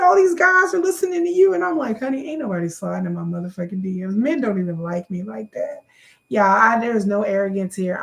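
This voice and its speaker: A woman talking casually to her own channel's viewers, sassy and joking, repeating herself and jumping high when she gets worked up. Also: gravelly, a little mellow. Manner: sassy, joking, loose and repetitive. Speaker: YouTube creator. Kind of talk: casual chat to camera.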